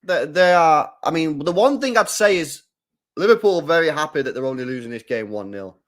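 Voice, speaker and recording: A man hosting a live football watchalong, chatting casually, reading viewer comments and getting loud when play heats up. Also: on the high side, a little fast. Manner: chatty, swings from mumbling to excited shouting. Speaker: live stream host.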